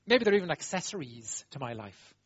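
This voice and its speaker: A man preaches in a lively, husky voice that rides up high and drops low. He talks emphatically, swinging from loud exclaiming to quiet asides. The recording is dull, lo-fi and dry. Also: fairly quick, no room sound. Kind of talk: sermon.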